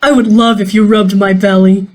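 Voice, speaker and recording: A woman's voice: mid-range voice, fairly even intonation, normal speed, darkish tone, natural voice. A woman voicing an eager, affectionate male dog who talks in plain, childlike sentences.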